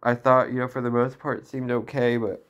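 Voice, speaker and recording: Downcast, halting man in his twenties. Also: medium pitch, little pitch movement, dull audio. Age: 20s. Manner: halting, full of restarts and fillers, downcast. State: emotionally distressed. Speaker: vlogger. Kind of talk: personal venting monologue.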